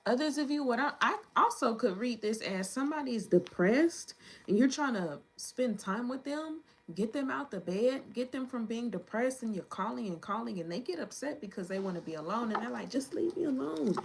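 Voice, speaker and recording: A woman's voice: on the high side, animated, moderate pace, husky, low-quality recording. A woman giving a casual tarot reading, talking in a chatty, slangy way as she thinks aloud about the cards. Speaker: tarot reader. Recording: clicks and card shuffling behind.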